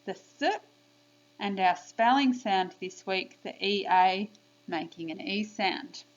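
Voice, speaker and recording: A woman teacher giving a spelling lesson by video to young children, clearly sounding out letters and praising them. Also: medium pitch, takes it slowly, lo-fi sound. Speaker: primary school teacher.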